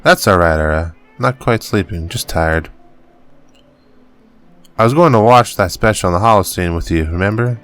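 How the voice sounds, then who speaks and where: A man voicing a tired, ill mother who speaks softly and reassuringly to her son. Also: deep voice, expressive, moderate pace, long pauses. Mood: gentle. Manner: soft, soothing, motherly.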